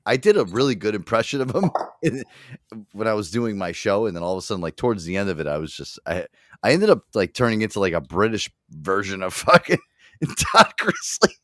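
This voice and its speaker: Lively, swearing male podcast host. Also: on the low side, fast, dry recording, clean studio sound. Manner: profane, laughing, animated storytelling. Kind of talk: casual chat.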